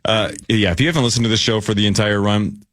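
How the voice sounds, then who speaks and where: A man's voice: on the low side, steady tone, quick pace, a crowd in the background. A man hosting a radio show, chatting casually and telling stories in a joking way. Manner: joking, storytelling. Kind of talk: casual chat.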